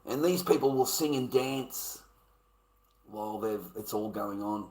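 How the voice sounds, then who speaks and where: A man's voice: fairly low pitch, unhurried, a little mellow, low-quality recording. A man ranting bluntly and profanely at his live-stream chat. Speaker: livestreamer.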